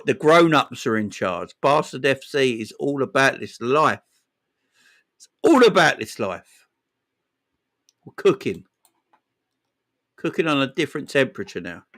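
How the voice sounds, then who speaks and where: A man hosting a casual football fan livestream, excitedly shouting out viewers by name. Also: medium pitch. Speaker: livestream host.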